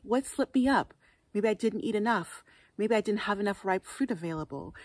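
Woman vlogger, lowish voice, gentle and encouraging, dry close sound. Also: no echo. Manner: gentle, encouraging, lists numbered tips. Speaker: wellness vlogger and author. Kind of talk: advice vlog to camera.

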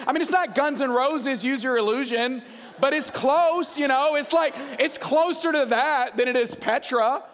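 A man in his forties preaching a sermon as a pastor, an animated storyteller who jokes with the congregation. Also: very high voice, normal speed, in a large hall.

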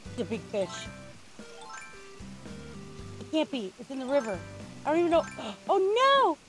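Excitable high-voiced woman streamer. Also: normal speed, over music. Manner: chatty, excitable, rambling with restarts. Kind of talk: casual game livestream chat.

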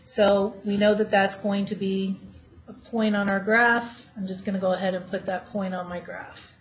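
A woman's voice: mid-range voice, level tone, moderate pace. A woman math teacher giving a classroom lecture and quizzing her students as she works through problems. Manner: asks students questions while working problems. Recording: dull lo-fi classroom recording, faint hiss.

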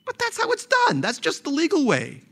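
A man's voice: very high voice, wildly swooping pitch, moderate pace, pushed and bright, voice pushed up, heavily acted. A man reading aloud, voicing a self-pitying wealthy male fund manager who whines, pleads and takes offense. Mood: defensive. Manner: whiny, pleading, indignant.

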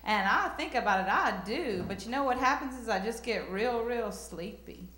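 A woman's voice: on the high side, expressive, normal speed. A young woman with a Southern US accent doing a self-mocking, drawling stand-up set in a comedy club, talking into a handheld mic. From Southern US countryside. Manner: drawling, self-mocking, breaks into shouted rap bits. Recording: echoey club room.

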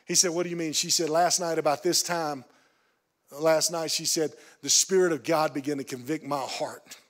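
A man preaching from a church pulpit, his voice sitting a bit higher than most men's. He tells a story, dropping to near-whispers in the tender parts and then building to emphatic, pleading calls. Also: steady tone, moderate pace. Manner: storytelling, swings from hushed to emphatic. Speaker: pastor. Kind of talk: sermon. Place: church sanctuary.

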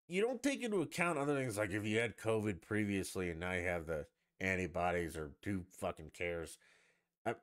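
A man with a fairly low voice rants through a solo podcast, swinging his pitch widely as he goes. He talks in a profane, sarcastic and rambling way. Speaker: podcast host. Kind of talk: ranting solo podcast monologue.

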